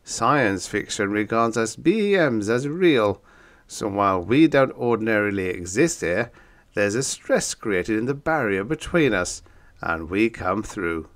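A man's voice: lowish voice, animated, unhurried, a bit bright. A man voicing a wisecracking bug-eyed male monster in an audiobook, breezy and matter-of-fact. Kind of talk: audiobook character voice.

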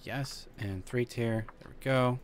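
A man streaming a horror game, talking to himself, swearing and yelling at the game as he plays. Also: mid-range voice, slow pace, a little hiss or hum. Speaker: gaming streamer. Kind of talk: let's play commentary.

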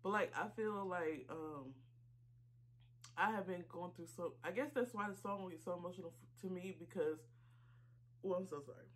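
Tearful woman vlogger, halting and emotional. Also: fairly low pitch, fairly bright tone. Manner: emotional, halting, full of fillers and apologies. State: tearful, choked up. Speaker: YouTube reaction channel host. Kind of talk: casual reaction vlog talk.

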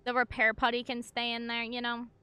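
A young woman streaming a game, giving bubbly, excitable commentary and talking to her chat. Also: on the high side, a little fast, smooth. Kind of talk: gameplay commentary.

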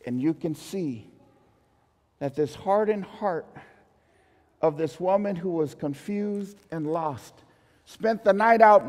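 A male pastor with a high voice tells a story from the pulpit and throws rhetorical questions at the congregation. His voice carries with long reverb through the church hall. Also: darkish tone. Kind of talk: sermon with storytelling.

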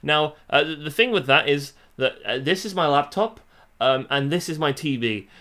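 Sarcastic British young man, lively voice. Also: fairly high pitch, moderate pace. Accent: British English. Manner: sarcastic, swearing, exasperated. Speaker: YouTuber. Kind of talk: casual tech review vlog. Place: home, in front of a TV.

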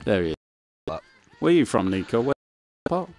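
A man, streaming a game and chatting casually, excitable and swearing a lot as he plays. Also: mid-range voice, moderate pace, slight background noise. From Manchester, England. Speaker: gaming streamer. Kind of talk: casual gaming chat.

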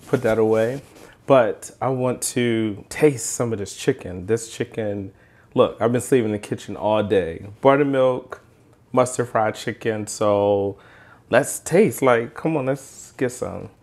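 A man runs a relaxed home cooking vlog, sampling dishes in his kitchen and eagerly talking right to the audience in a chatty way. His pitch is fairly low and slightly mellow, his pace measured, and he uses a handheld microphone.

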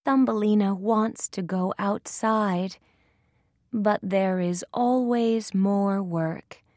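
Very slow woman storyteller. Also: medium pitch, darkish tone, no echo, clean studio sound. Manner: very slow, clear and simple. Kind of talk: children's story reading.

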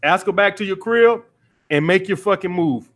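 Man, high-pitched, blunt, profane, lecturing, dating coach on a call-in show. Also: moderate pace, a bit bright. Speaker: dating coach taking calls.

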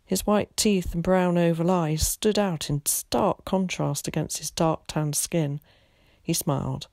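Brief: female teacher, story read-aloud, gravelly edge, dry close sound. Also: sits low, mellow, dry recording.

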